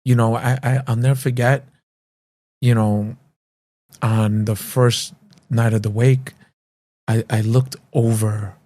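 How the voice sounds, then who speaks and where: A man hosting a casual interview, talking in a halting way with frequent restarts and "you know" fillers. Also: mid-range voice, little pitch movement, darkish tone. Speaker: host and martial arts school owner.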